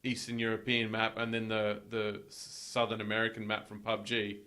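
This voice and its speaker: A man's voice: on the low side, completely flat delivery, normal speed, pushed and bright. Rambling Australian man, casual podcast chat. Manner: rambling, hesitant, with many fillers. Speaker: podcast co-host. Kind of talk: casual chat among friends.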